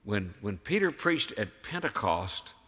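A man preaching a sermon as a pastor, emphatic, firing rhetorical questions and swinging from hushed to loud. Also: fairly low pitch, big pitch swings, a little slow, husky, long reverb tail. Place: church sanctuary.

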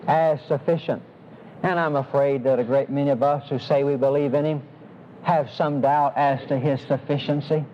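A man preaching a sermon, emphatic, slowing down and stressing his key phrases. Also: medium pitch, fairly even intonation. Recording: dull lo-fi sermon recording with faint hiss.

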